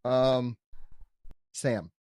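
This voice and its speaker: Male podcast guest, teasing banter, mid pitch, dry close mic. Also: drawn-out words, a little mellow, clear, resonant tone, dry recording. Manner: joking, teasing. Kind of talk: casual banter.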